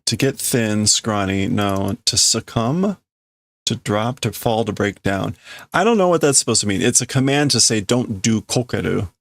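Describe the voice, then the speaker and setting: A man's voice: on the low side, expressive, normal speed, a bit bright, no room sound. A man casually translating manga on a live stream, thinking aloud, correcting himself and chuckling as he works out meanings. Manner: musing, self-correcting, chuckling.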